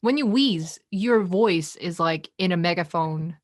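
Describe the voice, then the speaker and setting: A woman's voice: on the low side, expressive, a little slow, no room sound, clean studio sound. A young woman hosting a casual chat over a video call, curious and often hunting for the right word. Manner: curious, hunts for words. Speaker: podcast host.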